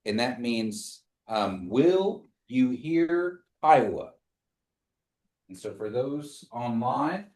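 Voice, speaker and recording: A man teaching a language class, slowly drilling words for the class to repeat. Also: medium pitch, animated, darkish tone. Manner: patient, slow drilling of words for repetition. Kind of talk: live in-person language lesson. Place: classroom streamed online. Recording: echoey room.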